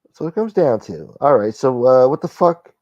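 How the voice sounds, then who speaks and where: Here a livestream host with a medium-pitched, slightly mellow voice speaks expressively at a normal pace. He reads viewer comments aloud, cracking crude, blunt jokes, in dull, lo-fi audio that's dry with no echo.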